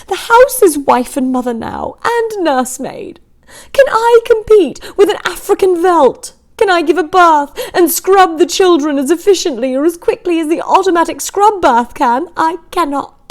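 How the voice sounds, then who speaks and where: A woman's voice: extremely high pitch, expressive, unhurried, pitched above the performer's own voice. A woman reading a story aloud, voicing a frightened, tearful housewife who pleads near tears. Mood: frightened pleading.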